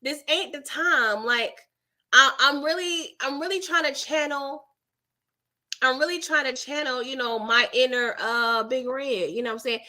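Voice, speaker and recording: Woman host doing a casual show recap, bright voice, animated, acts out lines, laughs a lot, higher pitch. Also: normal speed. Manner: animated, acts out characters in quotes, laughs often; chatty, addresses viewers as y'all.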